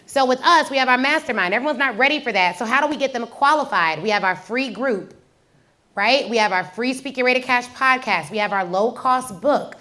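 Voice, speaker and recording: A fairly high-voiced woman talks like a business coach on her own podcast. She keeps it casual and lively, firing off rhetorical questions and dropping into slangy storytelling to make her points. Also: brisk. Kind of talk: casual teaching talk with storytelling.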